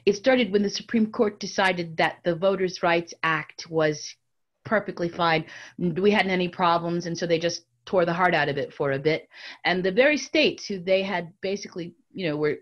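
Expressive woman storyteller. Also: lowish voice, moderate pace, muffled recording. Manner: dramatic, swinging from bright raised tones down to hushed near-whispers; addresses the audience directly. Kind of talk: oral storytelling lecture.

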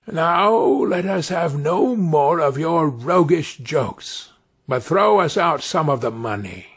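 A man reading a storybook, voicing a pair of sly, furtive grown male thieves who speak in a gruff, wary, hushed way. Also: a little high, expressive, slow pace, full character voice.

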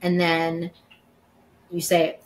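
A woman's voice: fairly low pitch, completely flat delivery, extremely slow, a little hiss or hum. A middle-aged woman hosting a podcast, talking in an enthusiastic, chatty way with plenty of fillers. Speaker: podcast host. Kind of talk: casual chat.

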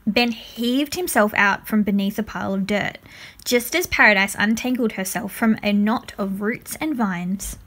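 A woman reading a children's book aloud, narrating chapter by chapter in a calm, even way. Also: medium pitch, moderate pace. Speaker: storyteller.

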